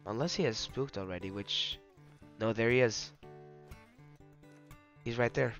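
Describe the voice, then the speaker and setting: A man streaming a hunting game, talking to his viewers in excited, rambling commentary. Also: mid-range voice, measured pace, highs cut off, soft background music. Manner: excitable, yelling in bursts then whispering to prey. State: hyped and emotional. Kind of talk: live gaming commentary.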